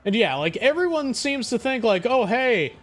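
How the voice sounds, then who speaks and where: A young man streaming a game and ranting to chat, profane and quick to anger. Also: extremely high pitch, big pitch swings, faint music behind. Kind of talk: casual gaming stream chat.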